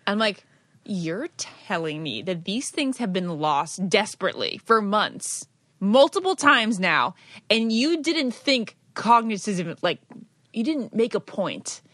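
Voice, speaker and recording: Animated woman co-host telling stories. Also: medium pitch, slow, no room sound, studio quality. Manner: animated storyteller, acts out quotes. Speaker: podcast co-host. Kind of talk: casual chat.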